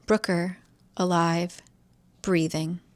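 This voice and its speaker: A woman's voice: fairly low pitch, flat delivery, slow. A woman casually recapping a novel's plot, chatty and swearing as she voices its characters. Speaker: book reviewer.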